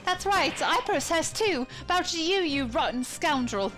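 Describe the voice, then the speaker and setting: Woman playing a shrill, furious hatter. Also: animated, a little slow, low-quality recording. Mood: angry. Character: very angry male hatter, shrill and petty. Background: game music.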